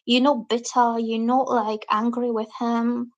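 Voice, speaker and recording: A woman with a fairly high voice reads tarot on a live stream in a chatty way. She explains each card to her viewers and reads their comments aloud. Now and then she acts out the reactions a person might have. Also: a little slow, highs cut off. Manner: lively, acts out quoted reactions. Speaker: tarot reader.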